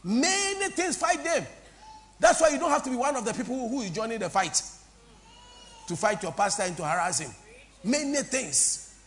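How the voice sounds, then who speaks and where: A woman pastor from Ghana, preaching a sermon to a congregation in an impassioned, repetitive, sing-song way that swings between soft and loud. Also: medium pitch, animated, brisk, a little hiss or hum. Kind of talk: preaching a sermon with call-and-response. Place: church before a congregation.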